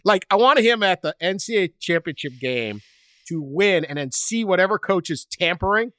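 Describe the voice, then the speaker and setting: Man, podcast host, animated storyteller, high pitch, dry sound. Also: moderate pace, no room sound. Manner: animated storyteller, laughs often, acts out quotes. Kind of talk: casual sports chat.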